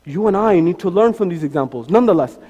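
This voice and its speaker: A man preaches with earnest emphasis, his voice swelling for key points and sinking low for stories. His voice sits high for a man. The mosque hall rings with a long reverb around him. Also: lively intonation, fast talker, mellow. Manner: earnest, emphatic preaching, rising and dropping volume. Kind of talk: sermon.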